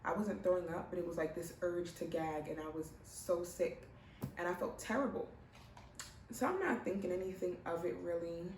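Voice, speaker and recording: A young pregnant woman shares her own story casually, speaking a little low. Her voice carries a roomy echo from a mic set some way back, with faint ambience behind. She is animated and now and then acts out other people's lines. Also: moderate pace, distant mic, slight background noise. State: heavily pregnant. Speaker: vlogger.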